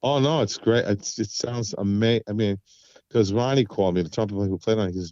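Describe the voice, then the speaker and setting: On a lo-fi, echo-free recording, a man who is a guest vocalist chats on an interview show at a fairly quick clip. His stories come alive through acted-out quotes marked by dramatic jumps in pitch.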